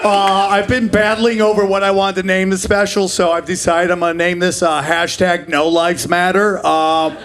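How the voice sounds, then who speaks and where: Brash, high-voiced man doing stand-up. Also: level tone, fairly bright tone, some chatter behind. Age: 40s. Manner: brash, profane, acts out characters in quick bursts. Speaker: stand-up comedian. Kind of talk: stand-up comedy set. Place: live comedy club stage. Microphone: handheld stage mic.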